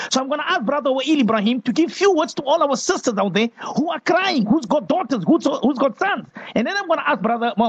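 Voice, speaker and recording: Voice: sits high, slightly rough, muffled recording. A radio talk show host who reads listener messages aloud with feeling.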